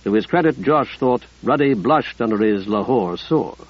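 Telling the story evenly and with measured pacing, a man narrates an audiobook in a mid-range, slightly breathy voice. The sound is dry and lo-fi.

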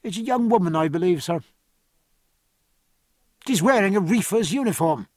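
A man playing a steady, dutiful ship's officer in a storybook, his voice raised a touch in pitch. He reports in a neutral, respectful tone, recorded dry. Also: moderate pace, slightly rough, no room sound. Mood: level.

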